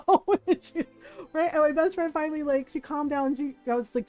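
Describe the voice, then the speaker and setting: A middle-aged woman streamer telling a story casually, animated and laughing often as she acts out the people in it. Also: high-pitched, brisk, faint music behind, rough recording. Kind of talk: casual storytelling while gaming.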